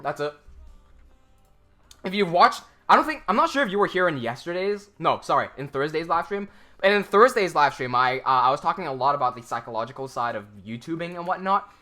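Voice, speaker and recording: A man's voice: on the high side, expressive, brisk, pushed and bright, soft background music. A man hosting a casual livestream, chatting and answering viewer comments in a rambling way, laughing often. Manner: rambling, laughs often, many fillers and restarts. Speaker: animation livestream host.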